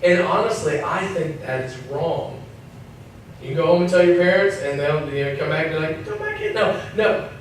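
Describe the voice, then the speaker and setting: A man gives a relaxed, joking sermon to young people, slipping into small acted-out voices. His voice sits a little high. The mic is set back from him in a very echoey hall, with a faint hiss underneath. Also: moderate pace. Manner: chatty, acts out voices, jokes. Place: church hall. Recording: echoey room, mic at a distance, faint noise.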